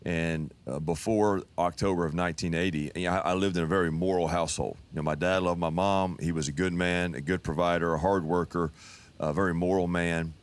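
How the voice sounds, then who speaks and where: A pastor in his fifties telling his life testimony in a relaxed, folksy storytelling manner. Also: deep voice, a little fast. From Texas. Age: 50s.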